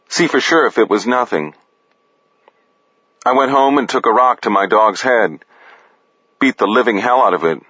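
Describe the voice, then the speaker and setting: Male narrator, deadpan, gritty story reading, dry, dull lo-fi sound. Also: lowish voice, dry recording. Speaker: audiobook narrator. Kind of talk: gritty first-person and third-person narration.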